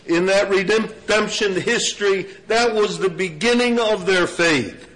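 An older man preaching a sermon, telling a personal story with animated delivery that drops low for emphasis. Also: slow, rough recording.

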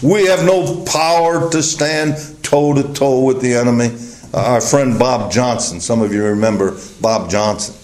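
An older man preaching a sermon as a pastor, telling personal stories slowly and deliberately with chuckles, recorded on old tape. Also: medium pitch, darkish tone. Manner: slow, deliberate, storytelling with chuckles. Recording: echoey hall, faint noise, old tape.

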